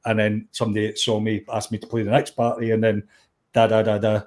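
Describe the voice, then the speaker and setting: A man's voice: lowish voice, brisk. A middle-aged Scottish man, a musician and DJ, telling anecdotes as an interview guest and acting out the people in his stories. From Scotland. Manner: animated anecdote-telling, acts out quoted voices, frequent restarts. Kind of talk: conversational storytelling.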